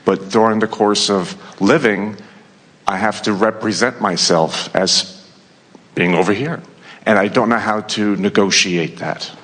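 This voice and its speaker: A man in a seminar audience earnestly asking a personal question, a little halting. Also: lowish voice, a bit bright. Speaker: audience participant. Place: live seminar hall. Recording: long hall reverb.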